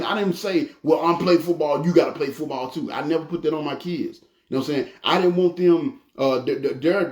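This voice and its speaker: Folksy preacher, echoey room. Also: male voice, mid-range voice. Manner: folksy, animated storytelling with acted family quotes. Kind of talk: conversational sermon.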